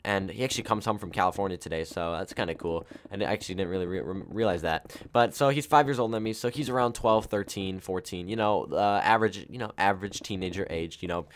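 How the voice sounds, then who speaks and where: A man's voice: deep voice, fast talker, few pauses. A young man casually telling a personal story while playing a game, rambling with many fillers and self-corrections. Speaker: gaming YouTuber.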